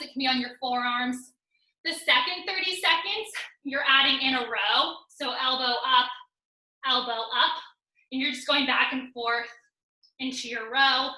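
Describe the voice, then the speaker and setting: A woman's voice: sits high, sharp tone. A woman fitness instructor leading a live online workout class, counting down intervals and cueing form with joking asides, a little out of breath. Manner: upbeat coaching, counting down reps, joking asides. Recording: roomy echo.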